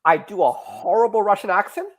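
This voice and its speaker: Comic creator on a podcast, animated and rambling, pitch swinging widely. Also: male voice, fairly quick. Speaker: comic creator, interview guest. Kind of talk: explaining in a casual podcast interview.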